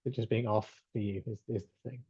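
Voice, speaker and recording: Mellow-voiced man hosting a video call. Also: on the low side, fairly even intonation, fast talker, slightly rough, no echo, highs cut off. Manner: chatty, reads out chat replies, many fillers. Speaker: webinar host. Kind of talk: casual chat hosting an online webinar.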